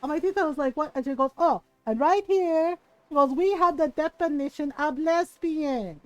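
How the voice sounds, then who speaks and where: Telling family stories at normal speed while she games, a high-voiced woman from a Filipino family laughs often and animatedly mimics her relatives. The recording is muffled but echo-free.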